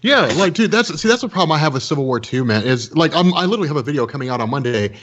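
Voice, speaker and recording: A man's voice: a little high, very animated, racing, fairly bright tone, highs cut off. A man on a comics podcast ranting bluntly, rambling and repeating words as he swears. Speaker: podcast co-host and comics video maker. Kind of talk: casual podcast rant.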